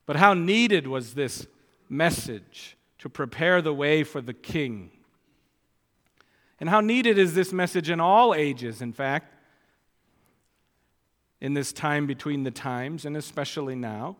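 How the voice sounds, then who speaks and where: Slow, deliberate male preacher in a hall. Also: fairly high pitch, expressive. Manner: slow, deliberate delivery with emphatic rises on quoted scripture. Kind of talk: sermon. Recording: long reverb of a church hall.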